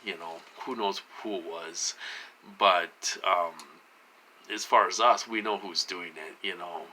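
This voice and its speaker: Agitated rambling man, bright voice. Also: sits low, a little slow, a little hiss or hum, poor audio. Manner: rambling, many fillers and restarts, agitated complaints. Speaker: vlogger addressing viewers. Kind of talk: casual monologue to camera.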